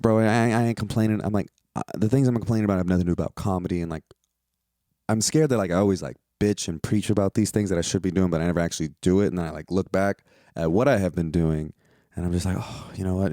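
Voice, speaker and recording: Low-voiced man, loose profane rambling. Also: warm tone, dry recording, clean studio sound. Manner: profane, loose, drifts into playful high-pitched outbursts. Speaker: stand-up comedian and podcast host. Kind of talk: casual rambling monologue.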